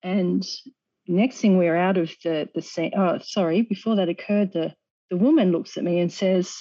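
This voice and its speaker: A woman earnestly recounts a personal experience as a guest, often restarting her sentences and slipping in small nervous laughs. Her voice is mellow and soft-edged. The recording is dull and lo-fi. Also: on the low side, fairly even intonation, normal speed.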